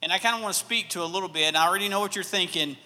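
Southern guy preaching, high bright voice, big hall echo, folksy and jokey. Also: racing. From Alabama. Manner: folksy, self-deprecating storytelling. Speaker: pastor. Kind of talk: sermon.

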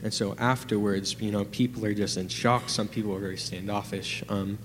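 A man's voice: fairly low pitch, brisk, big-room sound, slight background noise. A nervous, trembling young man giving a rambling personal testimony in a church, full of fillers. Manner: excited, rambling with many fillers. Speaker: testimony giver.

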